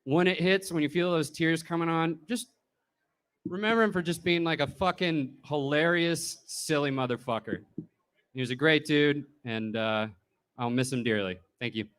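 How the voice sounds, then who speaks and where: A comedian giving a humorous eulogy in a bar, telling stories casually and swearing freely. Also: male voice, a little high, normal speed, fairly bright tone, clean tone.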